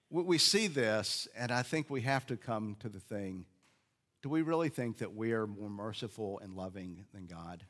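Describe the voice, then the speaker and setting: A man's voice: on the low side, a bit bright. A man preaching a sermon, retelling a story in a conversational way with frequent hesitations and restarts. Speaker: pastor.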